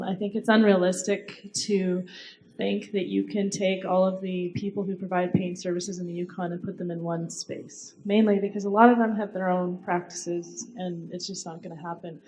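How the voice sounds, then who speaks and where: Woman panelist making a measured point. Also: fairly low pitch, a little mellow, rough recording. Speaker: panelist, health professional. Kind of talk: panel discussion.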